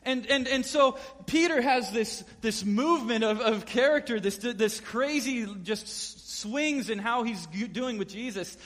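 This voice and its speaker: A man preaches in a high, bright-edged voice, telling the story with lively energy and playing out each quote. His words ring with the long reverb of a large hall. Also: unhurried, hardly any pauses. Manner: animated storyteller acting out quotes. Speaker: pastor. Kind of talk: sermon.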